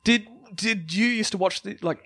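Blunt male co-host, higher voice. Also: normal speed, a bit bright, husky. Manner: blunt, contradicting. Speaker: podcast co-host and researcher. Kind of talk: casual comedy podcast chat.

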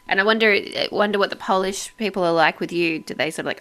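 A woman's voice: mid-range voice, fast talker, few pauses, a bit bright. An Australian woman hosting a podcast, chatting casually, laughing often and rambling a little. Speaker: podcast host. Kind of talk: casual chat.

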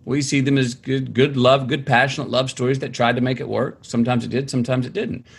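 A man guest telling stories about his family in a halting, searching way, often starting over, then jumping into lively quoted voices. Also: medium pitch, gravelly, breathy edge. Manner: halting, many restarts, animated quoting of family. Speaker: interview guest, author. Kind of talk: conversational storytelling.

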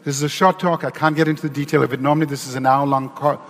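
Guy presenting on a conference panel, kinda high voice, chatty explaining, lots of hall echo. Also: little pitch movement, racing, fairly bright tone. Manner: conversational and explanatory, addressing a live audience. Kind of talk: conference talk.

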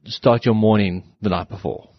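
A man's voice: on the low side, steady tone, normal speed, no echo. A man co-hosting a podcast, easygoing and out of breath. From South Africa. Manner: easygoing, laughs often. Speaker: podcast co-host. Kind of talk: casual podcast chat. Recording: dull close-miked sound.

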